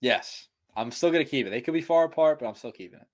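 A man's voice: medium pitch, expressive, fast, no echo. A man co-hosting a baseball podcast in a casual chat, speaking emphatically and repeating phrases. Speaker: podcast co-host.

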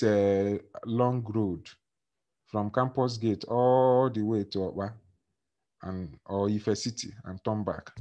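A man with a Nigerian accent lecturing on law, telling stories and acting out dialogue with his class. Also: medium pitch. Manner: animated, acts out dialogue and questions students.

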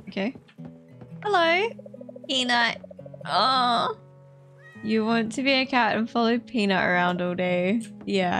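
In her mid-range voice, a woman chats hesitantly through a game she's exploring, using lots of fillers in her casual let's-play commentary. Cute animals set off squeals of delight.

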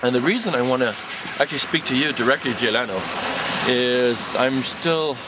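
A man with a French accent speaking earnestly to the camera in a measured way, with fillers. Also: mid-range voice, very noisy. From Saint Pierre and Miquelon. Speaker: columnist and documentary presenter. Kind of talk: casual address to camera.

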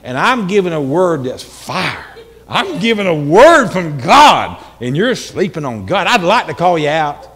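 Man, church sermon, dramatic, sudden shouted calls, joking asides, quite high voice. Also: big pitch swings, unhurried, slightly rough. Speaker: pastor. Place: church sanctuary.

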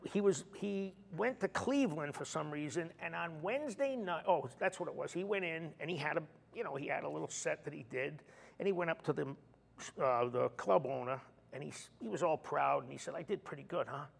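He's a comedian guest sharing an anecdote in easygoing conversation, animated and voicing the dialogue he quotes. His voice sits a little high, with vocal fry and a breathy edge, and his pace is fairly quick. The room gives a long reverb.

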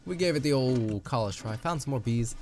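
A young man hosts a let's play, giving upbeat, chatty commentary on a video game with playful asides. His medium-pitched voice is expressive, brisk and darkish in tone, with music playing underneath.

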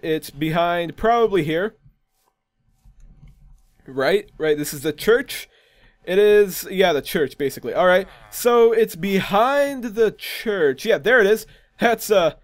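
Excitable jokey man playing a game. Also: on the high side. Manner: excitable and jokey, laughing at his own bad puns. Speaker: gaming video host. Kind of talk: casual gameplay commentary.

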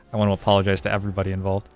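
A man streaming a card game, relaxed, thinking aloud and explaining his choices at length. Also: sits low, rapid-fire, faint music behind. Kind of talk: casual live-stream gameplay commentary.

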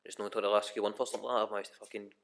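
A man's voice: fairly low pitch, flat delivery, racing, gravelly, a bit bright. A young Scottish man, a rapper guest, chatting casually on a podcast, swearing a lot and rambling with many restarts. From Scotland.

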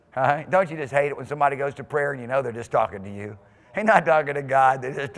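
A male pastor preaching a sermon in a church, swinging from quiet asides to whoops and shouts. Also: mid-range voice. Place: church sanctuary. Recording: long hall reverb in a church.

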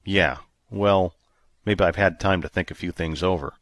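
Grumbling feverish space captain, stubborn and sulky, very deep voice, dry close sound, read by a man. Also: moderate pace, fairly bright tone, no room sound. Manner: grumbling, low and subdued. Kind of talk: audiobook character reading.

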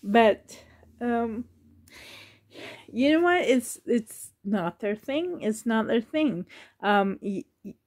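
Soft-spoken teary woman, slow and high. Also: lively intonation. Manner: sensitive, fighting back tears, nervous laughs. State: near tears. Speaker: reborn doll collector and YouTuber. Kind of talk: casual vlog talk.

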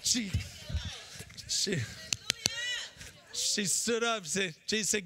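A man preaching a sermon as pastor. He shouts in bursts, drops low, and acts out the people in the story. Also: animated, takes it slowly, pauses often.

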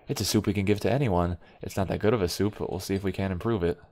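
Low gravelly young man playing a game. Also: steady tone, fast talker, a little mellow. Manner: offhand, wry muttering while playing. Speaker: gaming video host. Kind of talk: let's play commentary.

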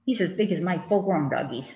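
A woman librarian reading a picture book aloud to children in an animated, chatty way, asking them questions, in front of a green screen. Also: fairly low pitch, fairly quick, reverberant, dull audio, a little hiss or hum.

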